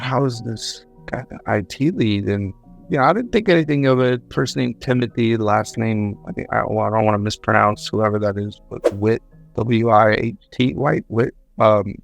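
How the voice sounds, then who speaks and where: Low-voiced man recounting a story. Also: vocal fry. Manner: rambling, self-correcting, repeats words. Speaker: guest, government contractor. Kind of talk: conversational storytelling.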